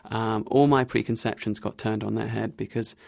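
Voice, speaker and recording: A man interviewed about his travels, telling his story in an animated, wry way and laughing at himself. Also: fairly low pitch, normal speed, creaky, no room sound, studio quality. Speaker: interview guest.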